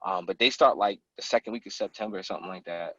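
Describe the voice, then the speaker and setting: A man as a podcast guest, chatting casually and telling animated stories about hunting. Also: low-pitched, fast talker, dull audio, slight background noise. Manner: animated, acts out people in his stories. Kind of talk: casual storytelling chat.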